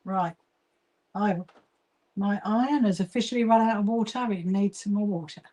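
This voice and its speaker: A woman's voice: medium pitch, moderate pace, mellow. English lady chatting on her sewing stream, lots of restarts, talks while she works. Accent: southern English. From England. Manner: chatty, greets viewers, talks while working, frequent restarts. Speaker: livestream host and quilting association founder. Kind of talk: casual livestream chat while sewing.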